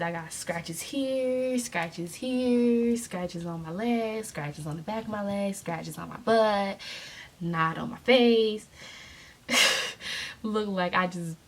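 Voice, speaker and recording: Young woman vlogger, animated and sassy, slightly low voice. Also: slight background noise. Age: young adult. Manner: animated, sassy storytelling to viewers. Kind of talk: storytime vlog.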